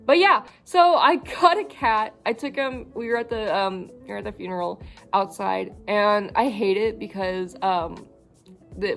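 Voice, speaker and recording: A young woman vlogs casually about her cat, halting often and using many fillers as she fights back tears. Her voice is mid-range.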